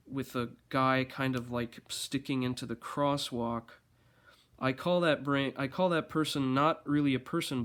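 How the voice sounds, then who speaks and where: A man telling a story in a casual rambling monologue, sarcastic and mock-grandiose, halting often to restart his sentences. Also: mid-range voice.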